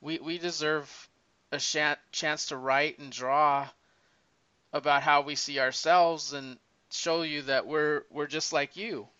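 A man in casual chat, retelling a comic story in a rambling, animated way, with many restarts. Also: fairly high pitch, takes it slowly, clean tone, no echo. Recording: dull lo-fi recording.

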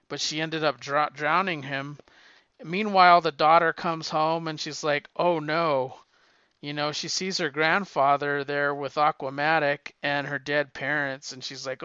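Bright, crisp and a little high, this man's voice wanders through a casual chat about comics he's been reading as a podcast co-host, halting with frequent restarts and fillers. There's no echo; the sound is dry, slightly dull and lo-fi.

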